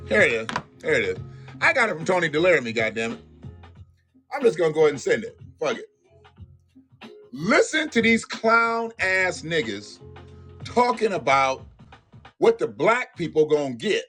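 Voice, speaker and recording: A man's voice: fairly high pitch, sing-song, moderate pace, pauses often, fairly bright tone, soft background music. A man hosting a live-stream commentary show, ranting bluntly and profanely and talking straight to his viewers. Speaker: livestream host.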